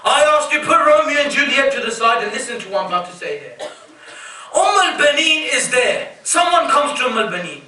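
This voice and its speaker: A man's voice: extremely high pitch, very animated, brisk, pushed and bright. A man from the United Kingdom giving an emotive mourning sermon, addressing the crowd as brothers and sisters in a mosque hall. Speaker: religious reciter. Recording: echoey hall, distant mic, faint noise.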